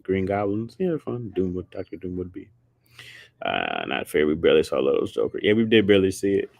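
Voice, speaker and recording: A man's voice: deep voice, sing-song, fairly quick, gravelly, a little mellow, dry recording. A man chatting casually on a livestream, slangy and rambling, laughing often. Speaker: streamer.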